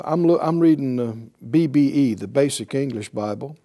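A man's voice: mid-range voice, normal speed, hardly any pauses, mellow. A middle-aged man preaching a sermon, teaching with emphatic points and rhetorical questions. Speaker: pastor.

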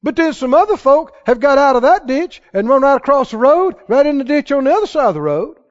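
A man's voice: very high voice, big pitch swings, brisk. A man preaching a sermon, emphatic and asking his listeners questions as he goes. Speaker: pastor. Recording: dull lo-fi sermon recording.

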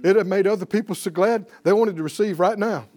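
A man's voice: high-pitched, quick pace, dark tone. A man teaching a Bible lesson in an emphatic preaching style, calling out to his audience for responses. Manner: emphatic, rising on key words.

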